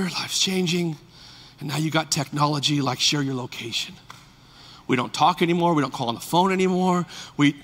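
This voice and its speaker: Fervent husky-voiced pastor preaching. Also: male voice, high-pitched, in a large hall. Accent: Californian. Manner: swings from soft confiding to shouted fervor. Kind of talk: sermon.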